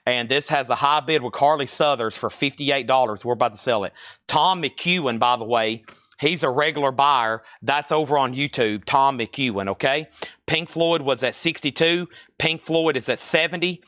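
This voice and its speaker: A man hosting a live vinyl record sale, running an excitable commentary and talking to himself as he sorts and sells. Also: medium pitch, moderate pace, dry recording, clean studio sound.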